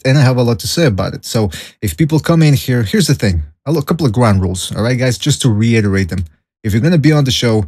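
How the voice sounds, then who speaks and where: Opinionated, low-voiced man hosting a boxing podcast. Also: darkish tone, no echo. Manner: opinionated, rambling, reads out chat and jokes. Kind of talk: solo livestream podcast chat.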